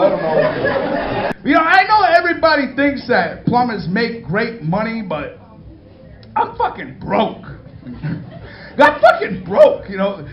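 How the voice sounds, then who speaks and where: A man doing stand-up comedy, crude and self-deprecating, often laughing at his own jokes. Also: high voice. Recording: roomy, dull live club sound with crowd.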